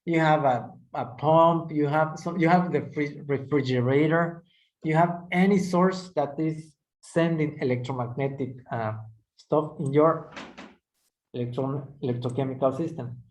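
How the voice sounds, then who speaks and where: First-language guy lecturing, kinda high voice, keeps saying all right?, echoey room. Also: steady tone, unhurried, a little mellow. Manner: conversational, repeats "all right?" to check understanding. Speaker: instructor. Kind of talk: technical lecture.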